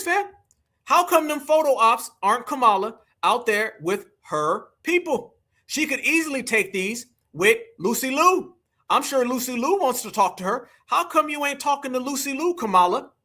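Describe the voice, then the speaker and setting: High, bright-voiced man preaching to viewers. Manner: preachy, rallying, talks straight to viewers. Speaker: political livestream host. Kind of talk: livestream commentary.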